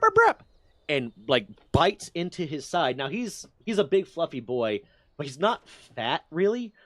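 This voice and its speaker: A male streamer telling stories to his chat with lots of cursing and plenty of animation. His voice sits at an ordinary mid pitch and sounds dry and close to the mic. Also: no room sound. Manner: profane, animated storyteller. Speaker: livestream host. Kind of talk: casual storytelling to a stream chat.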